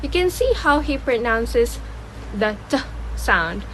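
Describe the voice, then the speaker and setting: A woman's voice: a little high, big pitch swings, slow, music in the background, rough recording. A woman presenting a student video, explaining pronunciation and demonstrating speech sounds.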